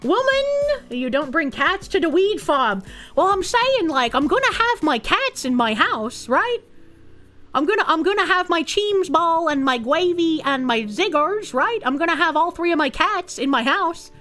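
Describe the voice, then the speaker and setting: Lively high-voiced Boston-accented woman streamer. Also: moderate pace, faint music behind. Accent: Boston area. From New England. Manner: loud, swearing, bursts into high laughing shrieks. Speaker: streamer reading chat. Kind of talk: casual stream chat.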